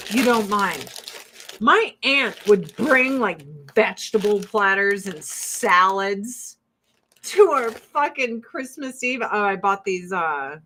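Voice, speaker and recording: Woman host rambling casually, swears a lot, slow easy pace, bright edge to her voice, does little voices for her family. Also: medium pitch. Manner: profane, animated storytelling; acts out relatives in quoted voices. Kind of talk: casual chat.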